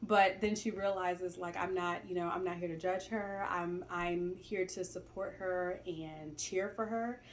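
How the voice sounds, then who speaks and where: Woman, 40s, low-pitched, reflective, casual chat, filler-heavy. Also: steady tone, a little slow, hardly any pauses, slight background noise. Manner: reflective, warm-hearted with frequent "you know" fillers. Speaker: stepmother co-host.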